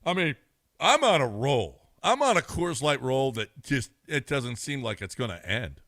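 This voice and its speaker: A middle-aged man in casual sports radio banter, rambling and repeating himself, quick to laugh. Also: medium pitch, sing-song, a bit bright, no room sound, studio quality. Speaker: radio show regular.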